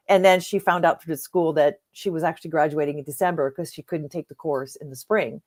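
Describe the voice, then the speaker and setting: A middle-aged woman coach, a podcast guest, telling a personal story in an earnest, animated way and acting out the dialogue. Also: lowish voice, brisk, hardly any pauses. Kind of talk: conversational storytelling.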